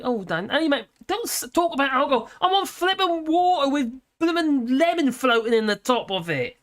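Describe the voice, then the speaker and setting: A middle-aged British woman runs a casual political livestream from a room at home with her dogs, rambling, laughing often and reading out viewer comments. Her voice sits high with big swings in pitch, and she keeps a moderate pace with few pauses.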